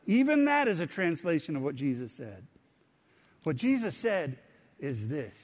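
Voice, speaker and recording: A man's voice: fairly high pitch, big pitch swings, measured pace, in a large hall. A middle-aged male pastor preaching a conversational sermon, often putting questions to the congregation. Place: church sanctuary.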